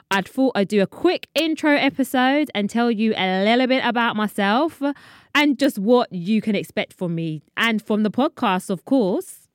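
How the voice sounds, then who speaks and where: Her mid-range voice comes through in studio quality with no echo. She's a London woman in her 30s hosting a casual solo podcast, rambling chattily and laughing at her own asides.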